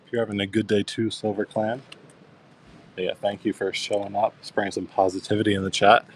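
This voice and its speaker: Young male auction host, deep and even-toned, easygoing live-stream patter. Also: brisk, a little hiss or hum. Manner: easygoing, describes coins and thanks bidders. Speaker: coin auction seller.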